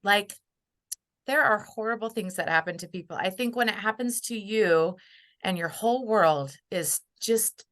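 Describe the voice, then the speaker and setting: A middle-aged woman appears as a podcast guest in a reflective interview conversation, speaking at a medium pitch and moderate pace with a slightly bright tone. She is heartfelt and thoughtful, sometimes acting out the voices of people she quotes.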